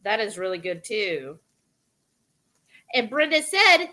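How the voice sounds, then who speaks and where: With a mid-range, sing-song voice and a sharp tone, a woman slowly works through viewer comments during her live cooking show. She greets everyone by name in a casual way.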